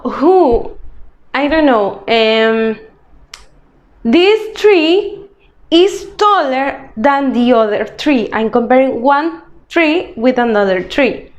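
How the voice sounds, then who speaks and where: Teacher, woman, high voice, slow careful delivery for young learners. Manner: slow, patient, explains step by step with frequent "okay?". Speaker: English teacher. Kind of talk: recorded grade-school grammar lesson.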